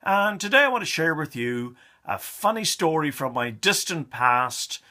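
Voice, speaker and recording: A middle-aged man telling a funny story with a moral in a lively, theatrical way. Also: a little high. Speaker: storyteller, communication coach. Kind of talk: motivational story monologue.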